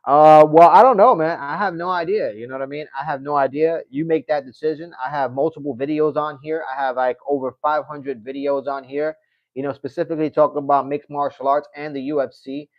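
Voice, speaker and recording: A man's voice: on the high side, fairly even intonation, a little fast, dry recording, lo-fi sound. A man hosting a casual MMA livestream, chatting to viewers, reading comments aloud and often breaking into laughter. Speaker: MMA channel host.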